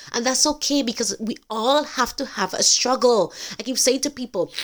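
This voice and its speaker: A woman hosting a podcast, giving an earnest, emphatic faith-based talk straight to her listeners. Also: medium pitch. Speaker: podcast host.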